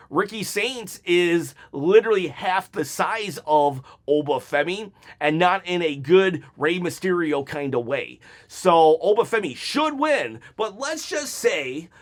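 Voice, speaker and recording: A man giving heated, exasperated hot-take commentary on wrestling, with sarcastic mock quotes. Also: a little high.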